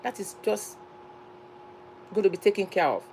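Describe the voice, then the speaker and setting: A woman's voice: mid-range voice, lively intonation, moderate pace, dark tone, slight background noise, rough recording. A Nigerian woman who hosts a cooking channel, talking earnestly to her viewers, often repeating herself and restarting phrases. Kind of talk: casual talk to camera.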